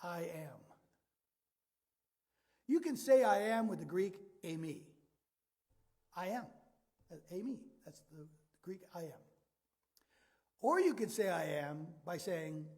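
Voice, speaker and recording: A man's voice: very high voice, darkish tone, husky. A man preaching a sermon in a conversational way, often repeating words and asking the audience questions. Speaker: pastor.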